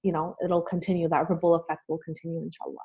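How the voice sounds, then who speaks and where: A woman's voice: fairly low pitch, little pitch movement, fast, mellow, husky. A young adult woman, a life coach, talking as a guest in a casual podcast conversation, earnest and encouraging, with many fillers.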